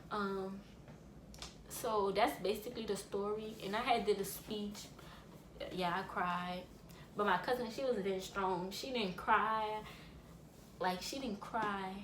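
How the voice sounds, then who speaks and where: A woman vlogger of ordinary pitch recounts a personal story in a casual, rambling way, full of restarts and asides. The recording sits in a small echoey room, with a soft layer of background noise.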